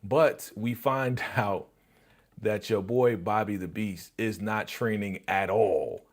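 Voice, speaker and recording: A man hosts a live reaction stream in a laid-back, loose way, leaning on fillers as he recaps and reads chat. His voice sits a little low. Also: slow pace. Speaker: live-stream show host.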